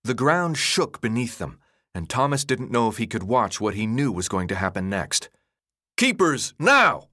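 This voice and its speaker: A man reading a novel aloud in a dramatic, expressive narration style. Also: lowish voice, moderate pace, no echo, clean studio sound. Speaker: audiobook narrator. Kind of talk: scripted narration.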